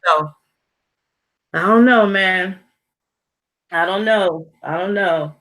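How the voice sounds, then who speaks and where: A woman's voice: fairly low pitch, slow, fairly bright tone. A woman hosting a casual conversation, talking bluntly with heavy cursing and strong emphasis. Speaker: host.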